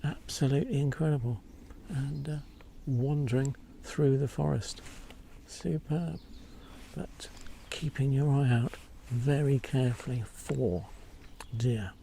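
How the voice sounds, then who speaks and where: Man, outdoor wildlife vlogger; hushed, slow, dark-toned delivery; handheld camera mic out in the woods. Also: mid-range voice, gravelly, a little hiss or hum. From England. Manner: hushed stealthy whispering, halting with fillers. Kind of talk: casual outdoor vlog narration. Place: outdoors in a forest among bracken. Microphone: small handheld camera mic.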